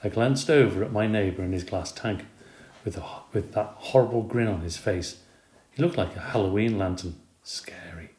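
A man narrating a children's storybook with expressive, animated reading. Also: on the low side, normal speed. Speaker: reader. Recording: roomy recording.

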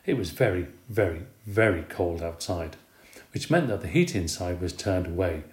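A man's voice: sits low, normal speed. Roomy-sounding man reading a storybook. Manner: expressive, animated reading. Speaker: reader. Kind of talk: storybook narration. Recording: roomy recording.

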